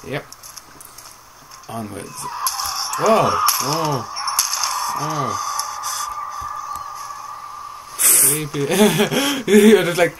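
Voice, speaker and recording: A man casually coaching a friend through a horror game, jumping between calm tips and sudden excited yelps. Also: on the high side, very slow, pauses often, background noise. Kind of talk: casual gaming chat.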